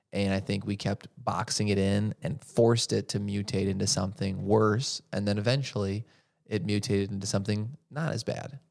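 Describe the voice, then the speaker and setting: A man's voice: lowish voice, vocal fry. A man hosting a podcast, giving an opinionated monologue and asking rhetorical questions that he answers himself. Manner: rhetorical, asks questions then answers them. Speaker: podcast host.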